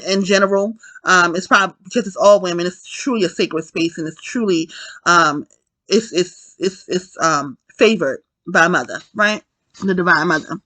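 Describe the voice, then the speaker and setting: A woman talks through a film's plot in a loose, rambling recap, swearing and turning to her viewers with "right?" and "y'all". Her voice is bright and forceful. The sound is dry and close, with no room echo. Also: on the low side. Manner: rambling, profane, keeps asking "right?" and addressing "y'all". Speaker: film reviewer. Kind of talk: casual film recap.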